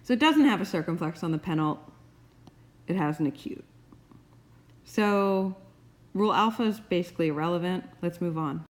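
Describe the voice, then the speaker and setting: A woman professor calmly explaining grammar rules step by step in a recorded tutorial, with playful asides. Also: fairly low pitch, normal speed, pauses often. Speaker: Ancient Greek professor.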